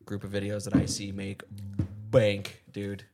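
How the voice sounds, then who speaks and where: A man co-hosting a casual podcast, animated, laughing often, swearing and saying "like" a lot. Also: on the low side, measured pace, creaky, soft background music. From Arizona. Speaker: podcast co-host. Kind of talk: casual chat.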